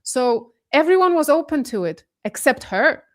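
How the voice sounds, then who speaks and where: A woman from Poland, a guest on a casual podcast discussion, talking with animated, incredulous emphasis over a remote call. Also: sits high, moderate pace. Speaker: guest commentator.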